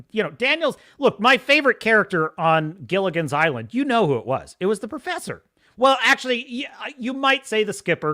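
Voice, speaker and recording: A man's voice: fairly high pitch, pushed and bright. A man hosting a livestream podcast, chatting casually and enthusiastically, rambling and laughing often. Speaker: podcast host.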